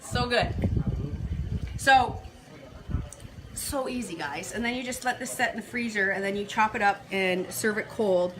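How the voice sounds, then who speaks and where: Unhurried and pausing often, a mid-voiced woman hosts a relaxed live cooking demo from her kitchen counter. She chats to viewers as "you guys," using lots of fillers, while dishes, cutlery and pots clatter around her.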